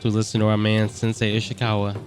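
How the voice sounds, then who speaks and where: A man's voice: on the low side, completely flat delivery, fast, music in the background. A man giving casual, joking let's-play commentary over a game, full of slang and mocking asides. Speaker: gameplay commentator.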